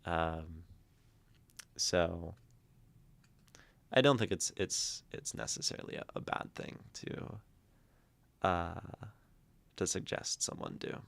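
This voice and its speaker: A man hosting a livestream, chatting casually and thoughtfully with many halting restarts. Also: low voice, vocal fry, fairly bright tone. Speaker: livestream host reading community poetry.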